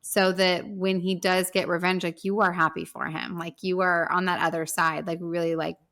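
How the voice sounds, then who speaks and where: A woman co-hosting a casual movie podcast, talking eagerly and quickly with many "like" fillers. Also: fairly low pitch, flat delivery, fairly bright tone. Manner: eager, fast, full of "like" fillers. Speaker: podcast co-host.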